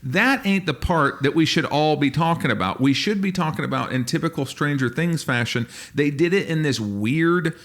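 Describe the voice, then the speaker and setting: A man's voice: a little high, normal speed, hardly any pauses. A man co-hosting a podcast in casual chat, joking and acting out quoted lines. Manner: animated, jokey, acts out quotes. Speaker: podcast co-host.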